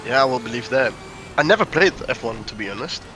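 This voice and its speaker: A man's voice: mid-range voice, lively intonation, fast talker. A man chatting as a guest on a racing stream, with brief and hesitant replies. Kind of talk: casual chat. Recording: noticeable background noise.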